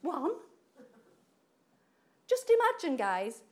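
A woman preaching a sermon in an animated way, acting out quoted voices and laughing often. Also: high-pitched, moderate pace.

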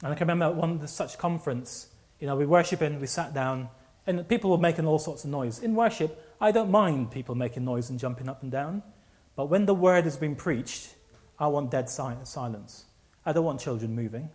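Male preacher, slightly high voice, animated sermon storytelling, stumbles and restarts. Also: brisk, hardly any pauses.

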